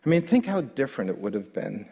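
A middle-aged man, a pastor, telling a story in a sermon with lively delivery that climbs and grows louder when he relives his own panic. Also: medium pitch, fast, husky. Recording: long hall reverb.

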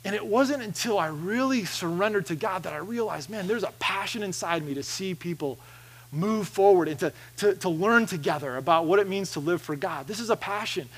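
A man's voice: high-pitched, lively intonation, fairly quick. A man preaching a sermon in a church, earnest and conversational, often restarting his sentences as he roams the stage. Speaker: pastor. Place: church sanctuary.

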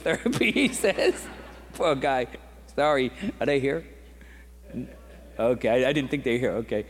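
Pastor guy preaching, kinda high voice, asks the crowd stuff, big reverb from the church hall. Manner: conversational storytelling with rhetorical questions. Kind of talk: sermon. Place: church sanctuary. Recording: long reverb of a large hall.

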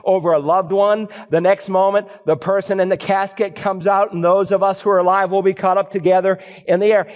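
A man's voice: high-pitched, flat delivery, fairly quick, few pauses. A male pastor preaching a sermon, driving points home with rhetorical questions and emphatic repetition. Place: church sanctuary. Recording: reverberant church hall.

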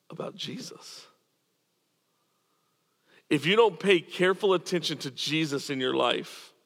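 Earnest preaching pastor in a reverberant hall. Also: male voice, on the high side, fairly bright tone. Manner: earnest, emphatic preaching with repetitions. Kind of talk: sermon. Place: church.

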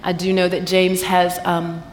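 Speaking in a lowish voice with a completely flat, unhurried delivery, a Southern American woman gives her heartfelt testimony as a guest at a church women's gathering. She quotes scripture and laughs easily, and the hall around her is reverberant, with faint noise in the background.

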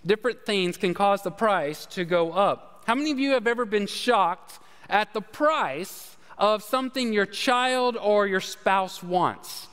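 Preaching in a hall with long reverb, a man tells a homespun story that pokes fun at himself, peppered with fillers and repeated "all right?" checks. His high-pitched voice is clean and a bit bright, delivered at a measured pace.

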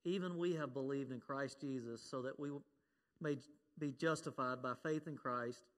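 A man's voice: medium pitch, moderate pace. A man preaching a sermon as pastor, earnest, quoting scripture and at times getting choked up. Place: church sanctuary. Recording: long reverb of a church hall.

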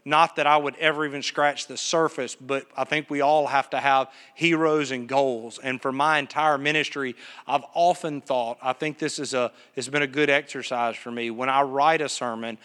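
During a live service in the church sanctuary, a male pastor delivers a sermon through a PA mic. His mid-range voice is steady, fairly bright and at normal speed, with a long reverb tail, as he earnestly tells stories and asks the congregation questions.

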